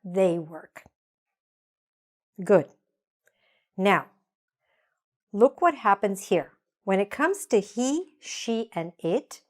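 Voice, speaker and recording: Slow, patient woman teaching English grammar. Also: mid-range voice. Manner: slow, patient, spells out examples slowly for repetition. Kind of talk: grammar lesson with repeat-after-me drills.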